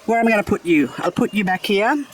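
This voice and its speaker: A woman's voice: medium pitch, expressive, fast, poor audio. Chatty woman showing off her plants. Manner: chatty, points things out plant by plant, laughs easily. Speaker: succulent grower, channel host. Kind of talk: casual show-and-tell vlog. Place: outdoors in a garden.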